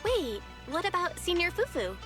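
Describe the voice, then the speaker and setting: A woman's voice: very high voice, big pitch swings, moderate pace, music in the background. An actress playing a blunt, curious young woman in a game. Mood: direct. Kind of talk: game voice acting.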